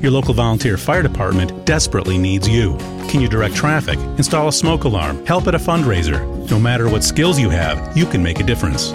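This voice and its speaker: A male announcer making an earnest public service appeal in an expressive voice that rises and falls. Guitar music plays clearly beneath him. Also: on the low side, fairly quick.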